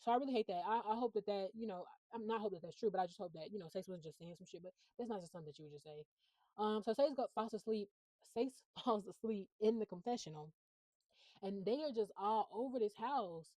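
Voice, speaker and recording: A woman's voice: medium pitch, quick pace, mellow, no echo, poor audio. A young woman recapping a reality show in casual chat, blunt and profane with lots of fillers.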